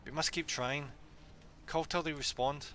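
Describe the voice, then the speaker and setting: A man's voice: on the high side, fairly even intonation, unhurried, pushed and bright, slight background noise. A man reading as a stern woman admiral. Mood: determined. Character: stern female pirate admiral commanding a fleet.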